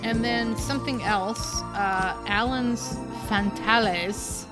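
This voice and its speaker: A woman co-hosts a podcast, chatting casually and ramblingly over a call and laughing often. Her slightly high voice is slow, recorded remotely over music.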